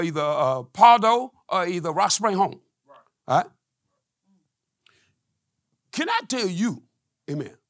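A middle-aged man preaching a testimony sermon, telling stories with quoted dialogue and rising to shouts. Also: on the high side, gravelly, dry recording, clean studio sound. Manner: call-and-response preaching, climbing to shouts.

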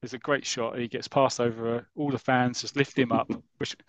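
An enthusiastic podcast host from the United Kingdom rambles through an old comic story in casual conversation, acting out what the characters say. His medium-pitched voice has a flat delivery at normal speed, and there's no echo.

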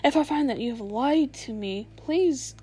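A woman's voice: sits high, expressive, a little slow, breathy edge, heavily acted. A woman voicing a cruel, imperious witch queen who speaks in a terrible, commanding voice, in a storybook reading. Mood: alarmed, commanding. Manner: commanding, terrible, loud outbursts.

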